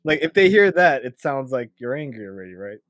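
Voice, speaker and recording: A man hosting a podcast in casual chat, playful and animated, acting out little voices. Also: medium pitch, a little fast, no room sound. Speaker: podcast host.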